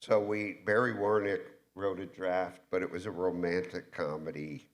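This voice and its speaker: A man on a convention panel telling a behind-the-scenes story in a relaxed, dry way. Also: sits low, moderate pace. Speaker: panel guest, film actor and producer. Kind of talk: anecdotal panel talk.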